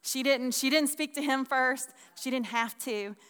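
A woman's voice: high voice, measured pace, fairly bright tone, clean tone. A woman giving a casual, conversational sermon, folksy and chatty with frequent restarts and asides. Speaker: Bible teacher. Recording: long hall reverb.

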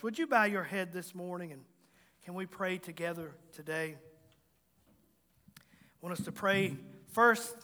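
A male pastor closing a church service with a gentle chorus, then leading a fervent prayer. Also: high voice, measured pace, long pauses. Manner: soft sung-spoken phrases, rising to fervent prayer. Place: church sanctuary. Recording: long church reverb with guitar music.

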